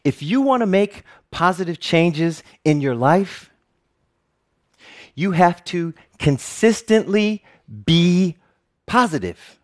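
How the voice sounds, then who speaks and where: A man's voice: high voice, expressive, takes it slowly. A middle-aged man giving an earnest personal storytelling talk, with joking asides.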